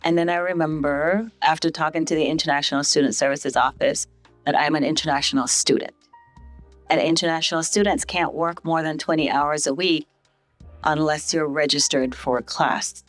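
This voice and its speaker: Faint music sits under the low, moderately paced voice of a middle-aged woman from St. Vincent. A hospital chief executive appearing on a podcast, she tells her life story informally, bringing it alive by acting out what other people said in a louder voice.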